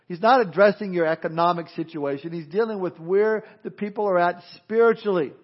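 High-voiced man preaching plainly. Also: a little fast, few pauses. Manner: plain-spoken, emphatic, mimics people for effect. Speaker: preacher teaching through a book of the Bible. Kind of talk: conversational sermon. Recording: dull lo-fi recording.

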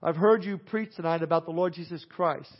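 Brief: preacher playing a desperate, guilt-stricken man, higher voice, muffled lo-fi recording. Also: a little fast. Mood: pleading. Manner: pleading, raised and emphatic. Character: remorseful grown man, gambler and saloon keeper, pleading. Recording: dull lo-fi sound.

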